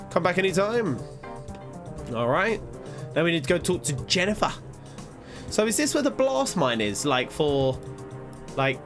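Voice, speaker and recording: A male gamer chats loosely while he plays, wandering from thought to thought and poking fun at himself. His voice sits a bit high for a man, with faint music playing underneath. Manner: rambling, self-deprecating, laughs often. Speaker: streamer. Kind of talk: casual gaming commentary.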